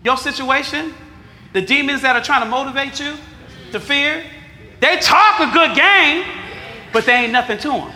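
A male pastor preaching a sermon. He reads scripture, asks the congregation to answer back, and explains it in casual slang, sometimes shouting. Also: very high voice, normal speed, long pauses, slight background noise. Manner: call-and-response preaching, shouting at peaks. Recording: echoey hall with long reverb.

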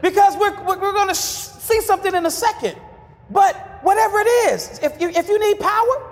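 A male pastor preaching with call-and-response, his voice pitched strikingly high. It carries a gravelly edge and swings widely as he rises to shouted refrains. The sound rings out in a hall with a long reverb. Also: lively intonation, a little fast, some chatter behind. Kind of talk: sermon.

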